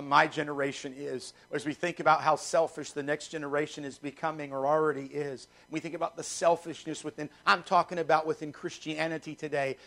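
Gravelly high-voiced preaching man. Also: rough recording. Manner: emphatic preaching with wide swings in pitch and loudness; repeats phrases for emphasis. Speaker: pastor. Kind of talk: sermon.

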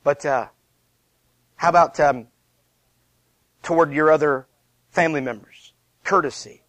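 This pastor, a man in his thirties, speaks at an unhurried pace in a fairly high voice with no echo around him. He delivers an emphatic, chatty sermon, returning again and again to rhetorical questions and poking fun at himself along the way.

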